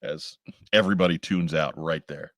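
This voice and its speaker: Wry, hoarse podcast host. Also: male voice, extremely low pitch, normal speed, dry recording. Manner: dry, wry joking. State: congested and hoarse. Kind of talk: casual podcast chat.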